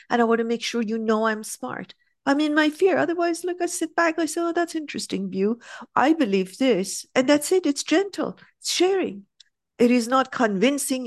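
A woman's voice: a little high, no echo, clean studio sound. A woman teaching a spiritual class, talking emphatically and acting out examples in different voices. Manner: animated, emphatic, acts out examples.

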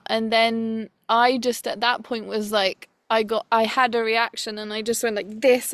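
A woman's voice: on the high side, flat delivery, normal speed, no room sound. A woman casually recounting a personal story, rambling and quoting others, slipping into French now and then.

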